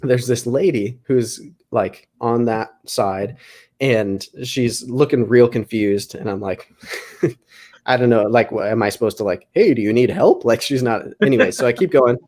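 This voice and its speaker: A man's voice: medium pitch, a little slow, darkish tone. A young man hosting a podcast, casually telling a long story full of fillers and laughs. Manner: rambling, filler-heavy, laughing through the story. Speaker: podcast host.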